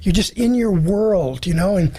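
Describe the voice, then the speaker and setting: A man's voice: high voice, moderate pace, dark tone, slightly rough. An older man hosting an interview podcast, chatting casually and enthusiastically acting out the exchanges he tells about. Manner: enthusiastic, acts out quoted exchanges. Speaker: host.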